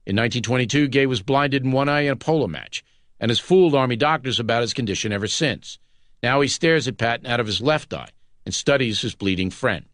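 Man, audiobook narrator, scripted narration, measured, dramatic, mid pitch, dry close recording. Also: animated, a bit bright, dry recording.

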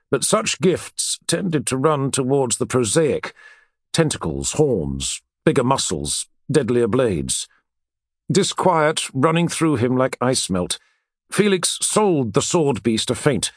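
Male audiobook narrator, dramatic storyteller with an animated voice, dry booth sound. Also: medium pitch, dry recording. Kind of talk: scripted fantasy narration.

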